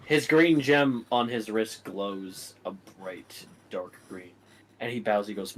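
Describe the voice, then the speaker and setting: A man's voice: medium pitch, fairly even intonation, moderate pace, low-quality recording. A man running a tabletop game as dungeon master, narrating in a loose, casual way.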